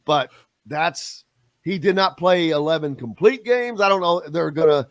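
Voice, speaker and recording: A man's voice: fairly high pitch, a little slow, no room sound. A male sports radio host speaking emphatically and jumping in to disagree.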